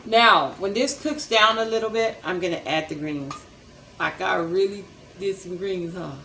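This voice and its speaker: Older woman, lowish voice, chatty home-cooking host; pans clatter behind her. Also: moderate pace, sharp tone. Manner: chatty and rambling, talks to viewers as she works. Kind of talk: casual cooking demonstration. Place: home kitchen. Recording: noisy kitchen with clattering pans.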